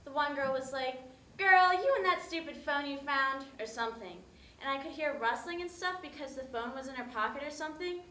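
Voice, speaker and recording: A woman's voice: brisk, bright, forceful tone, slight background noise. A woman playing an exasperated young woman. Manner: casual, swearing, acts out shrill calls. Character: young woman who lost her phone, tired and exasperated. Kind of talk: stage monologue. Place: theater stage. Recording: echoey stage room.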